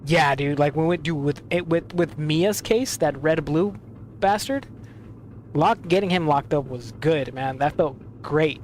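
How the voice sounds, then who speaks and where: A man's voice: on the high side, unhurried, a little hiss or hum. A young man giving casual gameplay commentary as a streamer, swearing often and leaning on fillers. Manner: profane, emphatic, filler-heavy. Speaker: gaming streamer. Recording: game music underneath.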